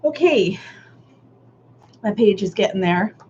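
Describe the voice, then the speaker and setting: A woman's voice: mid-range voice, animated, slow pace. Affirming woman leading a live art workshop. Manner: warm, affirming, casual with Southern "y'all"; laughs often, candid with occasional swearing. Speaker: workshop facilitator. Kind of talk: live online art workshop, reading chat comments. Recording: slightly dull live-stream audio with faint noise.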